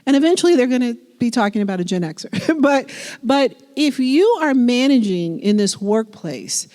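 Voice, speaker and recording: A woman in her forties giving a public lecture on leadership, lively and conversational, acting out the people she quotes. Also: fairly high pitch, moderate pace. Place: lecture hall.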